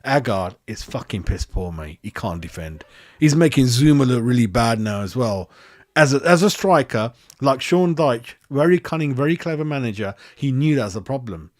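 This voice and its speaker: A man talking football like a fired-up fan, swearing freely and saying it the way he sees it. His voice sits at an ordinary middle pitch and comes through a dry, close handheld mic with no room sound. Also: moderate pace, no room sound. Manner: excitable, sweary and blunt. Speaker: fan channel host. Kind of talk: football match review chat. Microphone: handheld microphone.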